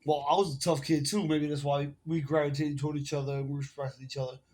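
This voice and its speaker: This vlogger, a man in his forties, speaks quickly in a voice on the high side with a level, darkish tone. He addresses his phone camera with a long personal story told in rambling street slang, heavy with swearing.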